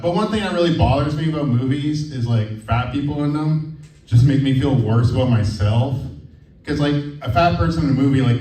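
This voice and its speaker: A man's voice: mid-range voice, mellow. A man in his thirties doing a stand-up comedy set, rambling and hesitant with lots of fillers. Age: 30s. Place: comedy venue with live audience. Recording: roomy, from far off.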